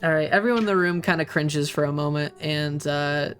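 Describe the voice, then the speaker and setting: A man narrating as game master, pausing often with fillers as he describes what happens. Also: on the high side, fairly bright tone, soft background music. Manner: hesitant, many fillers while narrating.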